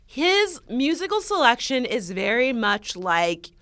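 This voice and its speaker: Animated high-voiced woman telling stories. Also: a little slow, no echo, studio quality. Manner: animated storytelling, acts out arguments, swears often. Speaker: podcast co-host. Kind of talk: casual chat. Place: studio.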